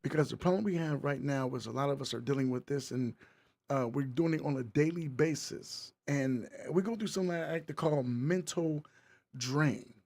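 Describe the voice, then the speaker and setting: A man's voice: a little high, moderate pace, vocal fry, a little mellow. A man hosting his podcast, calling for applause and talking loosely about mental wellness. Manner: hyped crowd-work, repetitive, loose. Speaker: podcast host. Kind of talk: casual hosting monologue.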